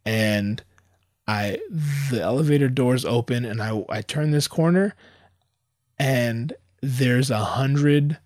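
A man's voice: mid-range voice, takes it slowly, no echo, studio quality. A young man casually telling a story, swearing freely and often restarting his sentences. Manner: profane, animated, many restarts.

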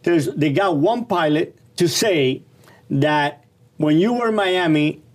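Middle-aged guy telling a story, slangy and blunt, fairly high voice. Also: expressive, takes it slowly. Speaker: guest telling his life story. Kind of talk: casual storytelling.

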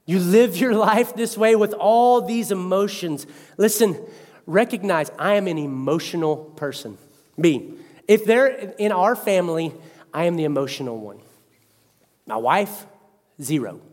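A man in his thirties preaching a sermon as pastor, animated and conversational, with self-mocking asides. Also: sits high, a little slow, long pauses, in a large hall.

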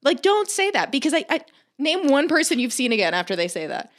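Young woman, casual chat, animated storyteller, frequent laughter, lively pitch. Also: brisk. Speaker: podcast co-host.

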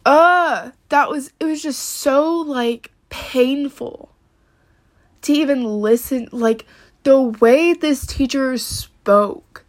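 A woman talking casually to camera in a rambling way, full of "like" and swearing. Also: on the high side. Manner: rambling, heavy use of "like", frequent swearing. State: upset, close to tears. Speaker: vlogger.

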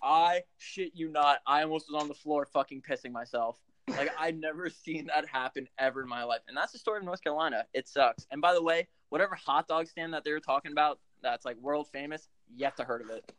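A man's voice: fairly high pitch, a little fast. A man from Philadelphia, a hockey coach, telling profane stories in casual chat. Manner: profane, animated storyteller.

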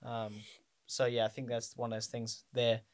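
A man's voice: medium pitch, little pitch movement, moderate pace, no room sound. A man co-hosting a casual podcast chat, laid-back, mostly giving short agreeing replies. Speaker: podcast co-host.

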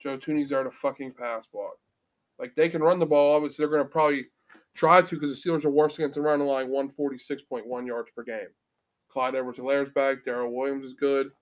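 A man's voice: mid-range voice, fairly even intonation, fast talker. A man co-hosting a sports podcast, bantering casually with brash, profane jokes.

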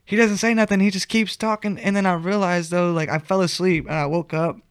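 A man's voice: sits high, steady tone, fairly quick, smooth, dry recording, studio quality. A man telling a rambling, profane story in casual slang.

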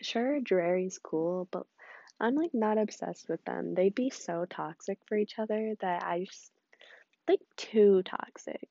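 A teenage girl rambles through a casual vlog story, gushing and animated, with plenty of swearing and filler words. Her voice has a gravelly fry and a mellow, darker tone. The sound is muffled and a little lo-fi. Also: mid-range voice, no echo. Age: teens. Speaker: vlogger. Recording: muffled lo-fi mic.

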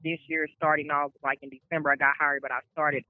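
A woman's voice: sits low, level tone, quick pace, pushed and bright, no room sound, poor audio. Rambling woman telling her story. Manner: rambling, quotes people, frequent "like"s and restarts. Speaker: truck driver guest. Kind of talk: casual storytelling in an interview.

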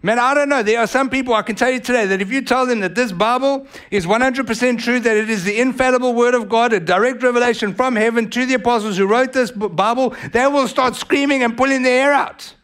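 A man with a South African accent preaching a sermon as pastor, animated and vivid in delivery. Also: very high-pitched, quick pace, hardly any pauses, clean tone. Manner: animated, acts out voices of others.

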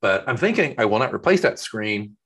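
Bright-voiced man telling a lively story. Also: on the low side, fairly quick, husky. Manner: animated storyteller, acts out voices in his anecdotes. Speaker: podcast co-host. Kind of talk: casual chat. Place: home office.

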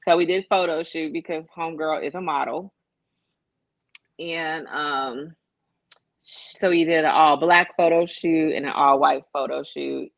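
A woman's voice: low voice, a little slow, vocal fry, pauses often, no echo, lo-fi sound. A woman co-hosting a casual podcast, telling stories with lots of acted-out quotes, speaking. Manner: animated storytelling with acted-out quotes. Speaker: podcast co-host. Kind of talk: casual chat.

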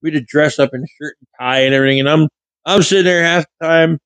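A man's voice: fairly high pitch, fairly even intonation, fast talker, fairly bright tone, no echo, low-quality recording. A man telling casual stories in a rambling way, often correcting himself, into a mic with a pop filter. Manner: rambling, frequent self-corrections. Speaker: vlogger. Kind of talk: casual storytelling monologue. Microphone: studio mic with pop filter.

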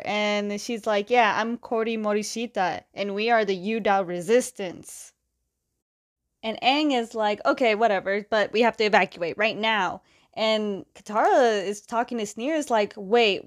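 A woman's voice: fairly high pitch, measured pace. A young woman casually retelling a comic book's story page by page, chatty and often laughing as she quotes the characters in passing. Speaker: comic book recapper.

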